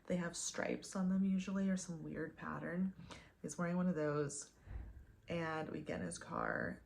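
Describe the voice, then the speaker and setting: A woman's voice: on the low side, very animated, unhurried, vocal fry, a little mellow, a little hiss or hum. A young woman telling a dating story casually, chatty and full of "like" fillers. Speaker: vlogger.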